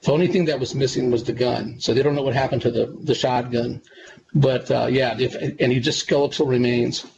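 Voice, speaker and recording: A man's voice: mid-range voice, fairly quick. Rambling man with muffled noisy sound. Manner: relaxed, rambling, repeats himself. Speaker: psychic medium guest. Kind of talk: conversational radio interview storytelling. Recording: dull lo-fi sound with clear background noise.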